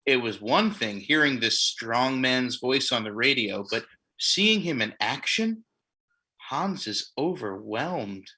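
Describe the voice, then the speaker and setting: A man narrating the stage directions of a comedic play reading, with wry deadpan asides. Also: medium pitch, slow pace, slightly rough.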